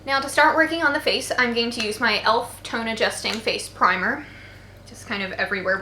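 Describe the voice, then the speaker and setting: A woman's voice: a little high, a little fast, bright, forceful tone. A young woman in her twenties, tired from poor sleep, talks through a makeup tutorial in a chatty, playful way with joking asides. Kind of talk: casual makeup tutorial narration. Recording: roomy echo, faint background noise. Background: faint voices of people outside.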